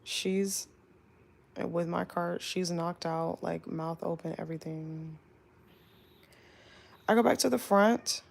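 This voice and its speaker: A young woman flight attendant telling a work story as a casual storytime, chatty and animated, full of "like". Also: on the low side, slow pace, creaky, long pauses.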